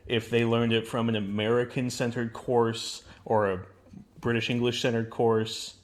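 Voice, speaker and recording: A young man hosts a relaxed conversation and keeps asking questions. His voice is mid-range and unremarkable. He thinks through each point out loud. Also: mid-range voice, normal speed. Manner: inquisitive, questioning. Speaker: host. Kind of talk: casual chat.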